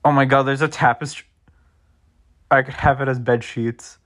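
His mid-range voice is a bit bright, with fairly even intonation and a moderate pace, as a young vlogger talks casually to viewers. He swears freely through his rambling commentary and keeps giggling.

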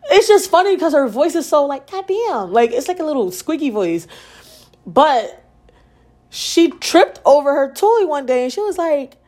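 Profane, animated young woman storyteller. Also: high voice, moderate pace. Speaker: podcast host. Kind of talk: casual solo storytelling.

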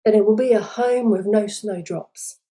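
A woman's voice: mid-range voice, moderate pace, warm tone, husky, lightly acted. A woman voicing a poor young girl lost in the winter snow who stammers and weeps in a storybook tale. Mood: timid. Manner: stammering, tearful.

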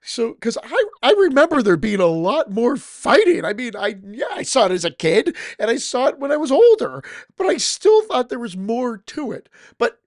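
A man's voice: very high-pitched, big pitch swings, moderate pace, no room sound, studio quality. A man co-hosting a podcast, chatting about a movie in a hesitant, stammering, amused way. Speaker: podcast co-host. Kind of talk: casual movie review chat.

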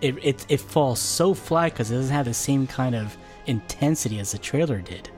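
A man's voice: mid-range voice, normal speed. Casual co-host: man, mid-range voice, easy laughs, faint music in the background. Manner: relaxed, laughs easily, asks questions. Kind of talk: casual chat.

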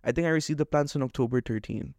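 Male podcast co-host, worked-up fast rant, dry close mic. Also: medium pitch, darkish tone, dry recording. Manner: agitated, fast ranting with quoted exchanges.

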